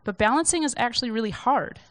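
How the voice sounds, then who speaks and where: A woman's voice: on the high side, fast, fairly bright tone, no echo. A young woman giving an informal sermon from notes in a conversational, reflective, self-deprecating way. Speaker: speaker sharing a church message.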